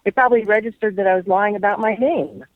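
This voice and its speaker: A woman's voice: mid-range voice, quick pace, phone-quality sound. A woman guest on a radio interview, earnestly telling a long personal story and quoting what people said. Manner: earnest, recounts dialogue at length. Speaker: guest, whistleblower.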